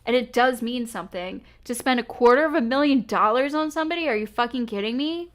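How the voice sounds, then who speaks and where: A woman's voice: on the high side, lively intonation, fast. A young woman reacting on a livestream panel, ranting angrily and swearing constantly. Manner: angry, profane ranting. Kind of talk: heated reaction commentary.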